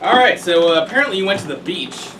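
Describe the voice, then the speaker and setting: An actor in an improv scene playing an excitable board member, animated and quick to interrupt. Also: male voice, high voice, noisy background. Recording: echoey stage, far mic.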